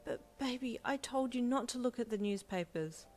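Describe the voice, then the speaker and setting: A woman voicing a gentle, earnest young male hero in an audio fanfiction, soft and reassuring. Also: a little high, animated, normal speed, pitched above the performer's own voice, natural voice. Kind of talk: audio fanfiction role-play.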